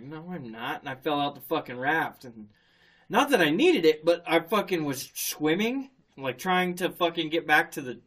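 A man in casual chat, telling a story with heavy swearing and frequent laughter. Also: sits high. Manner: profane animated storyteller, laughs often.

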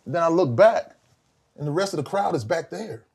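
Middle-aged male guest, animated raconteur, voices the people in his stories. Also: a little fast, husky. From South Carolina, US. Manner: animated storyteller, acts out quotes with big pitch jumps. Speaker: guest, former band vocalist. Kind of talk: casual interview storytelling.

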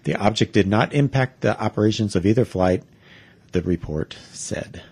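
A man's voice: lowish voice, moderate pace, darkish tone, breathy edge, dry recording. A man co-hosting a podcast, dry and matter-of-fact, reading out news reports between casual chat. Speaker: podcast co-host.

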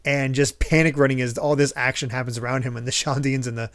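A man hosting a casual chat podcast, recapping story events in an animated way and laughing often. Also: mid-range voice, fast, no echo. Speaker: podcast host.

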